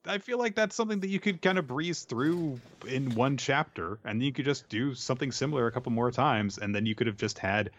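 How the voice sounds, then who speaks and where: A man's voice: medium pitch, animated, a little fast, hardly any pauses, a bit bright, dull audio. A man co-hosting a casual chat who muses aloud and hedges often with fillers. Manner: rambling, hedging with fillers. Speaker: podcast co-host.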